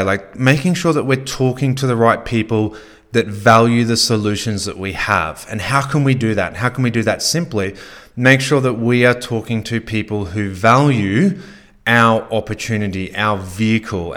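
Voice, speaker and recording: A man with a somewhat low voice talks through his podcast in a loose, conversational way. He circles back on phrases and fills gaps with easy verbal fillers, sounding like a coach chatting with his team. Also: a bit bright. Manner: conversational, many fillers, repeats himself. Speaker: podcast host. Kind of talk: casual podcast coaching talk.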